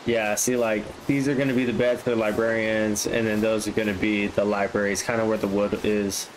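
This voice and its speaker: A man casually commenting on his own gameplay, chatty and easily excited. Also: lowish voice, fairly quick, a little hiss or hum, rough recording. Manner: excitable, flares up into frustrated outbursts. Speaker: gaming vlogger.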